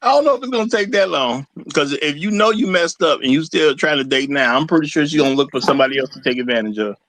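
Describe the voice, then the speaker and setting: A man's voice: a little high, animated, fast talker, a bit bright, no room sound, low-quality recording. A man co-hosts a talk show and chats in a blunt, casual way. His raised voice moves up and down a lot, and he laughs often as he talks. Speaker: podcast co-host. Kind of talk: casual commentary.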